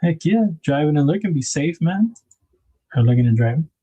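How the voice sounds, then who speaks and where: A man's voice: a little high, lively intonation, normal speed, warm tone, husky. A man hosting a casual livestream, rambling about knife design and greeting viewers in the chat by name.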